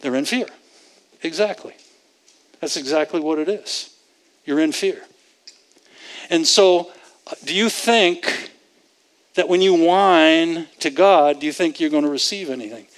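A man with a notably high voice delivers a sermon at an unhurried pace. He hammers each point through repetition and rhetorical questions, and he chuckles at his own remarks. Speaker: preacher.

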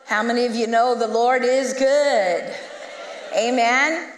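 A woman guest minister telling a story in a sermon, lively and conversational, acting out the people she quotes. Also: a little high, takes it slowly, in a large hall. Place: church sanctuary.

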